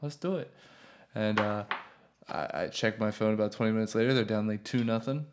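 A man's voice: lowish voice, level tone, a little fast, noisy background. A young man from the Philadelphia area co-hosting a casual podcast, joking crudely and talking about sports. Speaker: podcast co-host. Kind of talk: casual chat.

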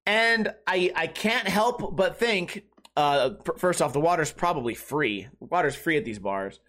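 A young adult man hosting a podcast, telling a comic story in a profane, ranting way with quick bursts. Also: on the high side, lively intonation, a bit bright. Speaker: podcast host. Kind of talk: comedic storytelling rant.

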